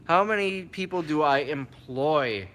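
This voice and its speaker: A man casually answering viewer questions on a live stream, chatty and relaxed, reading each question aloud before he answers. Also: on the high side, measured pace.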